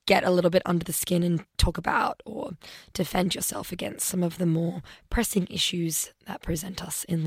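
A woman's voice: mid-range voice, no room sound. Dry-voiced woman radio host. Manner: friendly, enthusiastic, loosely scripted. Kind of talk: casual radio presenting. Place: radio studio. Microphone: studio microphone.

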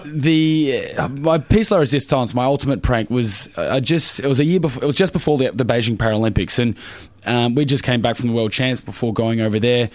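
Fields: quick-talking young Australian man, dry sound. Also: medium pitch, no room sound. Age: young adult. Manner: cheeky, jokey anecdotes with many fillers. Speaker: guest, Paralympic swimmer. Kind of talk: casual interview storytelling.

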